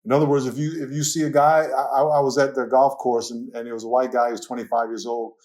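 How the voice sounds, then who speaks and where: Guest pastor, New York accent, man, animated storyteller with ready laughter. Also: medium pitch, fast talker. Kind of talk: casual conversational interview.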